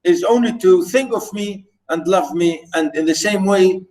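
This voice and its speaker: A man's voice: sits high, moderate pace, darkish tone, low-quality recording. A man teaching a poetry lesson, reciting verses dramatically with repeated phrases, then explaining them with many fillers and repetitions. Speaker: literature teacher.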